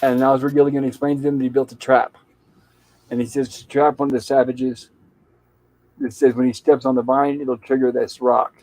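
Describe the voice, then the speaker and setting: A man's voice: medium pitch, little pitch movement, fairly quick, a little mellow, rough recording. A man casually retelling a TV episode scene by scene as a podcast co-host, quoting its lines in his own plain voice.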